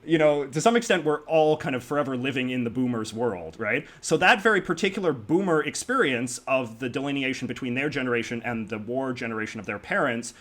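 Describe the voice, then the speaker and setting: A man with a Canadian accent, a podcast guest in casual conversation, talking rapidly and filling his speech with "like" and "you know". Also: medium pitch, a bit bright. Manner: rapid, talkative, peppered with 'like' and 'you know'.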